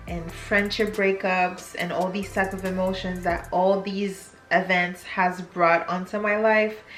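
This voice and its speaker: A woman's voice: medium pitch, a bit bright. A young woman with a French accent, talking candidly in a confessional vlog and slipping into French mid-sentence. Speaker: YouTuber. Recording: echoey room, faint music.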